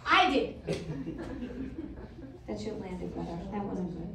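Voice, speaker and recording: A middle-aged woman performing a stand-up comedy set in a comedy club, crude and deadpan, working the crowd between punchlines. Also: lowish voice, slow pace, vocal fry, noisy background. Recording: echoey club audio from far off with loud crowd.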